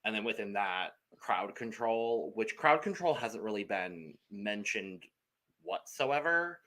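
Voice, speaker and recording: A man co-hosting a reality TV podcast, recapping in a measured way with hesitant fillers. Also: on the low side, lively intonation, pushed and bright. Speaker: podcast co-host. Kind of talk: casual chat.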